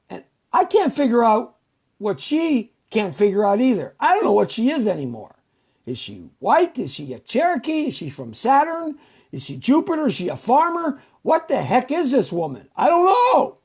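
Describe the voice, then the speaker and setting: Animated, husky-voiced talk show host woman. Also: medium pitch, normal speed. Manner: animated, sarcastic, rambling with stammers. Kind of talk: political talk show rant.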